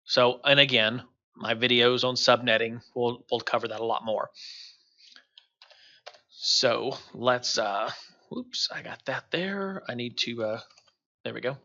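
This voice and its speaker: Bright-voiced man lecturing over slides. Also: mid-range voice, a little slow, pauses often, highs cut off. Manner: rambling, with many fillers and restarts. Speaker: instructor.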